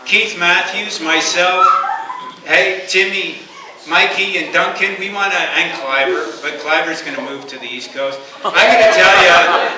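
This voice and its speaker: At a rugby club banquet, a man gives a rowdy, profane after-dinner speech, playfully scolding the crowd between jokes. His voice sits high, with a measured pace and a bright, forceful tone, plus a little hiss or hum. It's captured from far off in an echoey banquet hall with the crowd audible.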